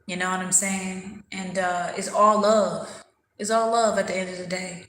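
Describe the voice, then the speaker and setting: A woman's voice: mid-range voice, little pitch movement, normal speed, a bit bright, roomy sound, low-quality recording. A woman hosting a casual livestream, talking candidly and thoughtfully while she eats and answers viewers' comments. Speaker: livestream host.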